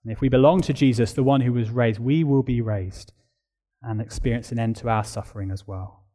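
A man preaching an expository sermon, emphatic, building intensity through repeated phrases and then dropping to a quiet, solemn tone. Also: medium pitch, brisk.

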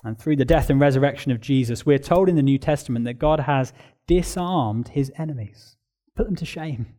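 A man preaching an expository sermon, emphatic, building intensity through repeated phrases and then dropping to a quiet, solemn tone. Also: mid-range voice, moderate pace.

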